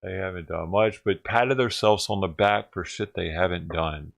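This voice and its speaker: A man's voice: low voice, moderate pace, creaky. A man doing a sarcastic, profane rant as a livestreamer, mocking and riled up. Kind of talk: ranting livestream commentary.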